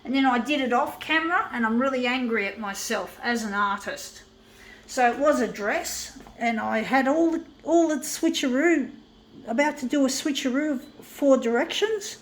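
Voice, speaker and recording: A woman's voice: high-pitched, moderate pace, slight background noise. A woman artist rambling to camera, upset and shaky on the verge of tears, self-critical and repeating herself. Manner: self-critical, repetitive, keeps saying folks.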